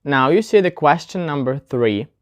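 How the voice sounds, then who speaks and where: Woman, pronunciation teacher, low voice, casual video lesson, chatty, stresses words aloud as examples. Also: animated. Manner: chatty, often addresses viewers as "guys"; explains slowly, demonstrating word stress aloud.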